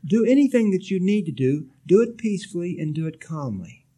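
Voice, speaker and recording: A man giving a sermon as a spiritual teacher, gently exhorting his listeners with light touches of humor. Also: high-pitched, big pitch swings, brisk.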